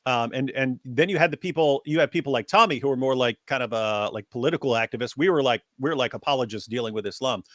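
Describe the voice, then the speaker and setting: A man co-hosting a casual live-stream discussion, talking in animated runs full of restarts. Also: mid-range voice, fast, few pauses, no room sound, clean studio sound. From United States. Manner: animated, rambling with restarts, rising excitement when quoting others. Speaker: co-host.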